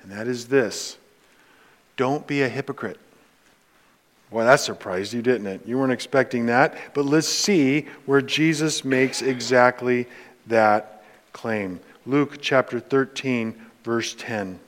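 A man's voice: mid-range voice, slow. A man preaching a sermon to his congregation, emphatic and direct, asking rhetorical questions. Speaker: pastor.

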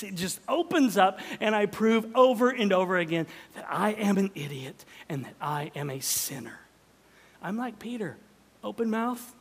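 A middle-aged male pastor preaching a sermon, swinging from loud exclamations to hushed near-whispers. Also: sits high. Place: church sanctuary. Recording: long reverb of a large hall.

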